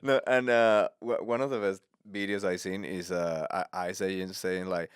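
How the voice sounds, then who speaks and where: Casual chat from a lowish-voiced man, halting and giggly. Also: fairly even intonation, clear, resonant tone, dry recording, studio quality. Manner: halting, laughs often, switches into Spanish for bits. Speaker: podcast host.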